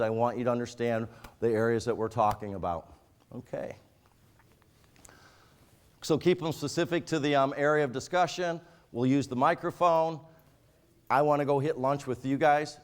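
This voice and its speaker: A man with a rural Michigan accent leads a training class and talks straight to the room. His delivery is casual and joking, and his voice is smooth and clear, sitting at a middle pitch. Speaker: software trainer.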